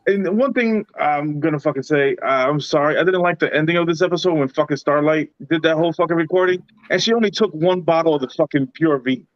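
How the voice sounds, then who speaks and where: Blunt, cussing young man, slightly higher. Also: fast talker, few pauses, no echo, dull audio. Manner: blunt, heavy swearing. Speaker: podcast co-host. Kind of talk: casual chat.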